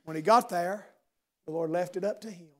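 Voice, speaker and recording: A man preaching a sermon in a church service, swinging from loud shouting to low intimate speech and firing rhetorical questions at listeners by name. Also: moderate pace.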